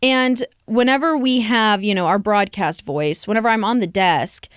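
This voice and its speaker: Young female news anchor, smooth resonant voice, dry studio sound, chatty and laughing. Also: mid-range voice, normal speed, no echo. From American Midwest. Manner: chatty, laughs often, many likes and ums. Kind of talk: casual interview chat.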